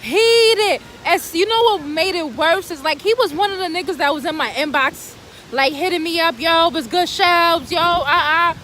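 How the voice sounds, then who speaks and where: High-voiced woman, telling a profane story. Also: slight background noise. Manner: animated, profane, dramatic rhetorical questions. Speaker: vlogger telling a personal story. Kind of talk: casual storytime vlog.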